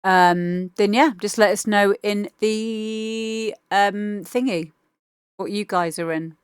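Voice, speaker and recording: A woman's voice: mid-range voice, fairly even intonation, takes it slowly, clear, resonant tone, no room sound, clean studio sound. A woman DJ chatting casually and enthusiastically on a livestream as she reviews listeners' demo tracks, swearing now and then. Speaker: DJ giving feedback on listener demos.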